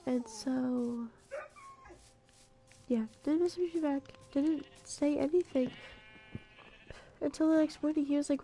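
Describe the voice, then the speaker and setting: High, gravelly-voiced woman streamer rambling. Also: fairly even intonation, takes it slowly, long pauses, mellow. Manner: rambling, easily distracted storytelling. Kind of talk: casual chat while gaming.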